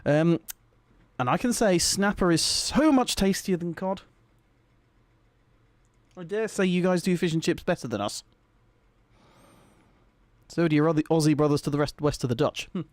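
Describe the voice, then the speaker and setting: A man's voice: fairly high pitch, normal speed, long pauses, no echo. Giggly man chatting on stream. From Britain. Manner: giggly, rambling, reacting to chat. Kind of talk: casual live-stream chat.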